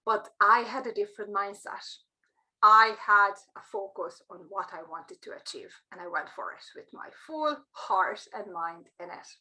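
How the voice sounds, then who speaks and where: A woman's voice: medium pitch, normal speed, rough recording. A woman giving a motivational career talk, telling stories and acting out the thoughts of the people in them. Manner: animated storytelling, acts out quoted thoughts. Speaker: career coach.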